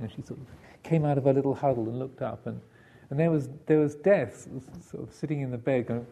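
A man giving a Buddhist dharma talk, telling a story in a halting way with many fillers and restarts. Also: medium pitch, gravelly, dark tone. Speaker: Buddhist monk teacher.

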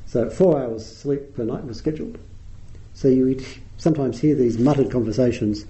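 Dark-voiced man telling wry meditation stories. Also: mid-range voice, normal speed, highs cut off. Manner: wry anecdotal storytelling, chuckling at his own tales. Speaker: meditation teacher. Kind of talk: dharma talk.

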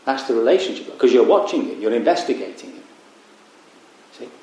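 A man giving a Buddhist dharma talk at a retreat, reflective and unhurried with wry asides. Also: medium pitch, expressive, warm tone. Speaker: Buddhist meditation teacher. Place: retreat meditation hall. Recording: very echoey room.

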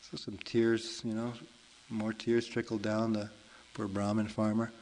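A meditation teacher narrating a folk tale in a relaxed, chatty way, with fillers and self-corrections. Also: male voice, fairly low pitch, measured pace, a little hiss or hum, rough recording. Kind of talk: storytelling in a dharma talk.

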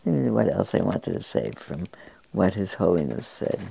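An older woman gives a dharma talk in a very low, gravelly voice with a mellow, dark tone. She muses gently, pausing often and searching for words. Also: sing-song. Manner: gentle, musing, with frequent pauses and fillers. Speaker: meditation teacher.

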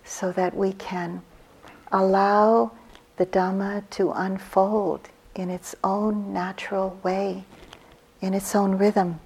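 A woman in her sixties, a meditation teacher giving a gentle, reflective dharma talk on retreat, her phrases trailing off softly. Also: mid-range voice, flat delivery. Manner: slow, gentle, reflective storytelling with soft breathy trailing phrases.

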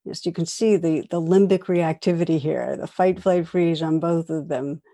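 A woman meditation teacher giving a dharma talk, telling a story in a gentle, reflective way. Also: sits low, steady tone, moderate pace. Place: meditation hall.

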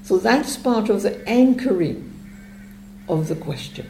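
A woman, giving meditation instruction as a teacher in a slow, gentle, explanatory way with long pauses. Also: mid-range voice, expressive, gravelly. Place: retreat center meditation hall. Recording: echoey hall with faint hum.

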